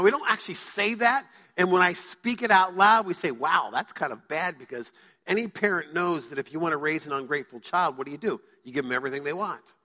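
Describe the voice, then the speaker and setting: A male pastor preaches to his church, telling stories and acting out the voices of the people he quotes. His voice is a little high, bright, and forceful. The recording carries the reverb of the church sanctuary.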